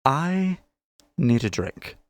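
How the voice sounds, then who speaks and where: A man's voice: mid-range voice, sing-song, very slow, no room sound, studio quality, voice pushed up. A man voicing a prickly young cat-folk woman who answers curtly and irritably. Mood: irritated. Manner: irritated, snappish.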